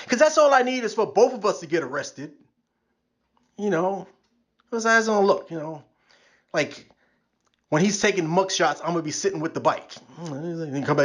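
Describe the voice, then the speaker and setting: A man delivers a stand-up style rant in a high-set voice. He stays wry and sarcastic throughout, breaking into quick impressions of the people he mocks. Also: fairly bright tone. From New York. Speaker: podcast host.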